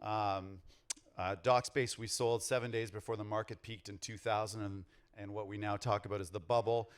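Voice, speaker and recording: A man in his forties gives an energetic conference keynote on stage, rallying the audience with questions. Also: fairly low pitch, moderate pace, smooth. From Canada. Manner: energetic, rallies the crowd with questions. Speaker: keynote speaker. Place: on stage before a large audience.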